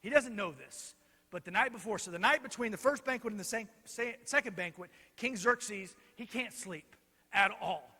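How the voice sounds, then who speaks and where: A male pastor telling a Bible story in an animated, joking way while directing helpers on stage, in a reverberant church hall. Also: sits high, moderate pace, slightly rough. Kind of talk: children's Bible lesson storytelling.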